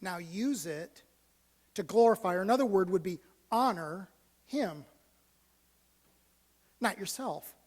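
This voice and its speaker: A male pastor telling a story in a sermon, moving from hushed, almost whispered lines to loud, animated ones. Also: high voice, slow pace, long pauses. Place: church sanctuary. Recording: long church hall reverb.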